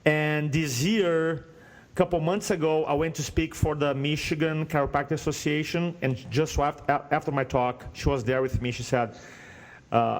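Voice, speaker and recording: A man in his thirties from Brazil with a Brazilian Portuguese accent, a guest telling his story in an earnest, animated way. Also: fairly high pitch, moderate pace. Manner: earnest, animated retelling with acted quotes. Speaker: guest speaker coach. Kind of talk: storytelling interview.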